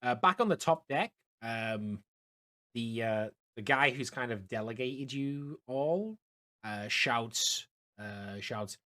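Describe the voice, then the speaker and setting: A man's voice: mid-range voice, expressive, takes it slowly, sharp tone. Man game master, mid-range voice, loose rambling narration with restarts. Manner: rambling, with many fillers and restarts. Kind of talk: narrating a tabletop game over voice chat.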